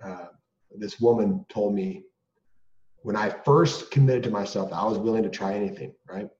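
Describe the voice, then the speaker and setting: Middle-aged man, earnest interview guest, candid and animated; echoey, lo-fi sound. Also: lowish voice, normal speed. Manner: earnest and animated, many restarts and rhetorical questions. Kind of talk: candid storytelling. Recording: roomy, dull lo-fi sound.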